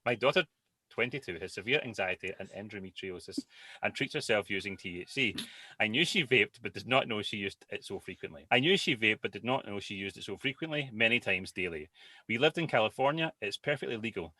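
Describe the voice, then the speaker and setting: A man's voice: fairly low pitch, animated, a little fast, sharp tone. A man co-hosting a podcast, reading a listener's post aloud and stumbling over hard words. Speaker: podcast co-host.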